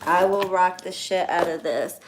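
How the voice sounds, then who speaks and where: A woman's voice: lowish voice, a little slow, noisy background. A woman in her thirties chatting to her viewers while opening birthday gifts, gushing with thanks. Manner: effusive, grateful, gushing. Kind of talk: casual chat to viewers.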